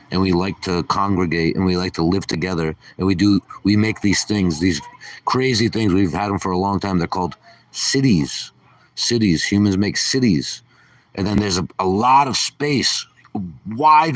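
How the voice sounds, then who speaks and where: A man's voice: low voice, normal speed, no echo, far from the mic. A man hosting a casual livestream, ranting sarcastically and swearing as he rambles. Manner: sarcastic, profane rambling rant. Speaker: livestream host.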